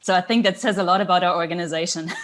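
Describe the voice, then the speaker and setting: Woman, low voice, relaxed, frequent ums, video call. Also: fast. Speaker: panelist, network director. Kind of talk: panel talk.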